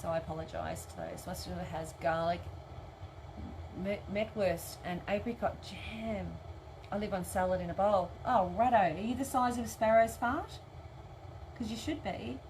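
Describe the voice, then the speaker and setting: A woman's voice: mid-range voice, expressive, moderate pace, a little mellow, a little hiss or hum. Aussie lady chatting on a live craft stream, laughs a lot, swears a bit, reads out comments. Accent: Australian. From Australia. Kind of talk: casual live chat reading viewer comments.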